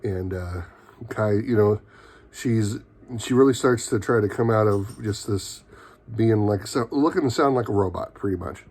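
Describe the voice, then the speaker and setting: A man's voice: fairly low pitch, normal speed, darkish tone. A man giving a casual, rambling recap of a TV episode, full of fillers and quoted lines. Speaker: TV show reviewer.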